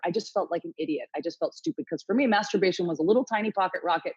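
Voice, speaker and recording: A woman's voice: fairly low pitch, lively intonation, rapid-fire, hardly any pauses, darkish tone, breathy edge, dry recording, muffled recording. A woman in her late forties, a podcast guest telling her story frankly, swearing freely and acting out her own inner dialogue. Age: late 40s. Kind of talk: candid interview storytelling.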